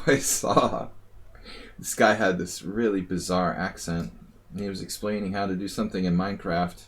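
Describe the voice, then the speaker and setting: A man with a low-ish voice talking through a live game, muttering and thinking aloud as he goes. He teases his opponent in a casual, offhand way. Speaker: chess streamer and commentator.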